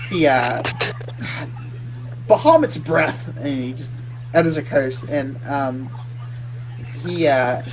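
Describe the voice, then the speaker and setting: A man narrating a tabletop game as game master, halting and full of restarts. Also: fairly high pitch, slight background noise, poor audio. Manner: halting, many fillers and restarts.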